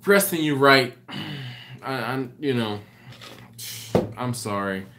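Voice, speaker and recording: Male live stream host, worn out and yawning, slow and rambling, apologizes often as he reads viewer chat. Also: medium pitch, animated, noisy background. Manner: rambling, self-correcting, apologetic. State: tired, yawning late at night. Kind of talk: casual live chat reading viewer comments.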